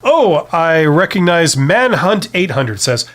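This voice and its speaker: A man's voice: a little high, sing-song, takes it slowly, fairly bright tone. Chatty Canadian man hosting a live Q&A. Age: middle-aged. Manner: casual, self-deprecating, chatty with fillers. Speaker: host. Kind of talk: live-stream Q&A chat.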